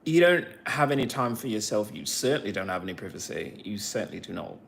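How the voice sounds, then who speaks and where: Man, english accent, lively sing-song delivery, sarcastic casual streamer chat. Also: lowish voice, quick pace, creaky, a little hiss or hum. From United States. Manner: chatty and sarcastic, with teasing asides. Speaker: streamer talking to his viewers. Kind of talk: casual chat, replying to viewers.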